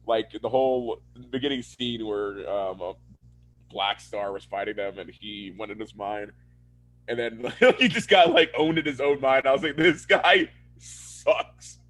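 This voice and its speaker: A man's voice: lowish voice, normal speed, fairly bright tone, poor audio. A man co-hosting a casual podcast, rambling through a review and acting out characters as he retells scenes. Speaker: podcast co-host.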